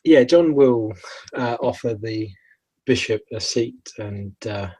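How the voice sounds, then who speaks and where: Husky-voiced male player narrating a tabletop game, hesitant and chatty. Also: mid-range voice, takes it slowly, dark tone, no echo, low-quality recording. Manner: hesitant, laughs often, many restarts. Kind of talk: tabletop role-play narration.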